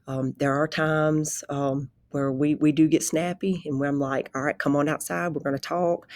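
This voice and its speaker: A pre-K teacher talks through her classroom habits in an unhurried, conversational way. Her voice sits low, and she circles back on her own phrases. The recording is dry and close, with no room sound. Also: no room sound. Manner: calm, conversational, rambling with restarts. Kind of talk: informal spoken presentation.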